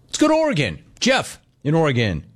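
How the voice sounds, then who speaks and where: A man's voice: fairly high pitch, wildly swooping pitch. A man hosting a talk radio show, telling a story in a brash, mocking way. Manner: brash, mocking, fast-riffing. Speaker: sports talk radio host. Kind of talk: casual chat, storytelling.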